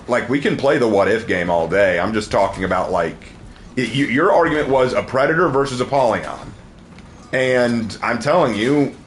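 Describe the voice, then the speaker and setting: A man's voice: medium pitch, slight background noise. A man chatting casually on a gaming livestream, loose and jokey as he reacts to viewers.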